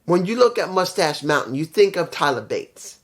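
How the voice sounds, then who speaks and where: A man's voice: fairly high pitch, big pitch swings, normal speed. A man giving a casual, opinionated review in a blunt, profane way, often repeating phrases for emphasis. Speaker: wrestling show reviewer.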